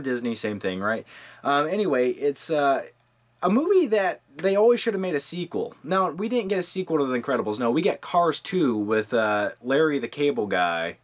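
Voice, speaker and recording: Rambling, joking young man vlogger. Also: mid-range voice. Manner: rambling and joking, with lively asides to viewers. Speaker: movie-review vlogger. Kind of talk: casual countdown vlog.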